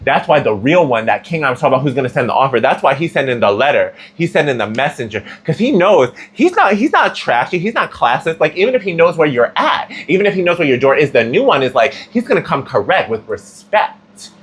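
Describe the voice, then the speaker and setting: A man's voice: mid-range voice, animated, quick pace, few pauses, fairly bright tone, slightly rough. A man giving a casual tarot reading, chatty and slangy, with plenty of filler words. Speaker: tarot reader.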